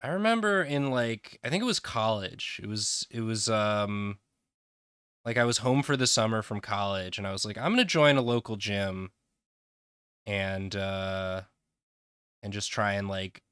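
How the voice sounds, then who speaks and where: A man's voice: on the low side, unhurried, a bit bright, smooth, no echo, studio quality. A young man co-hosting a casual stream chat, rambling and joking, sometimes acting out silly voices in his stories. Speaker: co-host.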